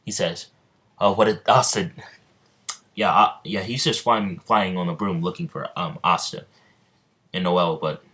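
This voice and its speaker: Deep-voiced young man rambling a story. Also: normal speed, bright, forceful tone. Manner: rambling, full of ums and restarts. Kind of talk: casual improvised storytelling.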